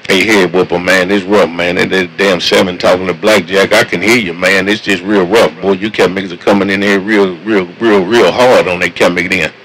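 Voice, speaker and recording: A man's voice: low-pitched, fairly even intonation, brisk, few pauses, a bit bright, a little hiss or hum, poor audio. A man talking with fellow truckers over CB radio in a laid-back, slangy way, repeating his catchphrases. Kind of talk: casual CB radio chat.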